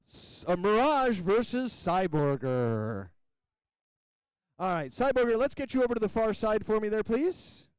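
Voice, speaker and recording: High-voiced man announcing robot fights. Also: clean tone, dry recording, poor audio. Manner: energetic play-by-play, calls robots to the arena, counts down. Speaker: combat robot event announcer. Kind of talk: live event commentary. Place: robot combat event venue.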